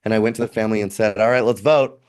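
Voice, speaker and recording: Fifty-something guy spinning a road trip story, animated, does all the voices. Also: lowish voice, rapid-fire, smooth. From United States. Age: 50s. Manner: animated storyteller acting out quoted dialogue. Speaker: podcast guest. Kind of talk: casual storytelling.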